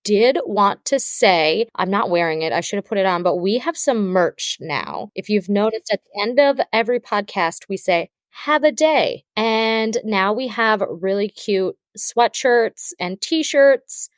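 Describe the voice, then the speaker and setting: A woman's voice: mid-range voice, unhurried, few pauses, no room sound, studio quality. A young woman from Wisconsin who farms, co-hosting a podcast in an upbeat, chatty, agreeable way. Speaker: podcast co-host, farmer. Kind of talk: casual podcast chat.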